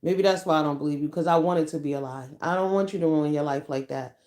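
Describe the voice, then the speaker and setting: A woman's voice: low voice, fast, a little mellow. A woman hosts a casual livestream. She talks bluntly and profanely, telling stories straight to her viewers. Her delivery is loose, unscripted chat. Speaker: livestream host.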